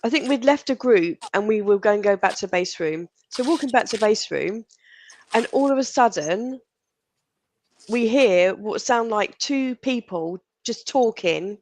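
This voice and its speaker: A woman's voice: mid-range voice, expressive, unhurried, a little mellow. A British woman chatting casually on a live paranormal show, telling a story and trailing off mid-sentence. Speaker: paranormal investigator, co-host. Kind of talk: casual live-stream chat.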